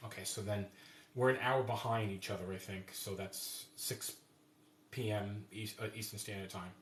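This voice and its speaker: A man's voice: fairly low pitch, fairly even intonation, moderate pace, a little hiss or hum. A man hosting a casual cooking live stream, rambling through stories with frequent restarts. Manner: rambling, restarts often, warm storytelling. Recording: roomy echoey room.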